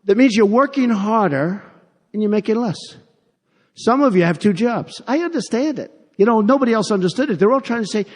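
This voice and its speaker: Addressing a crowd in a large arena, an older candidate speaks in a high-pitched, animated voice at a fairly quick clip. His speech wanders and repeats, punctuated by mocking asides, and the PA carries long hall reverb.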